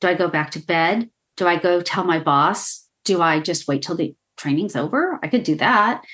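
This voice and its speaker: A woman in her sixties speaks in a somewhat low voice as a podcast guest. She tells a painful personal story with tearful emotion. Her speech is halting, full of restarts and stutters. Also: lively intonation, a bit bright. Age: 60s.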